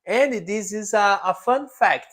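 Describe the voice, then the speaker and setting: A man from southern Brazil with a southern Brazilian accent, teaching Portuguese to beginners in English, drilling words slowly and tagging his points with "okay?". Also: high-pitched, a bit bright. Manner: repeats words slowly for the learner and tags lines with "okay?". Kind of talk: beginner language lesson.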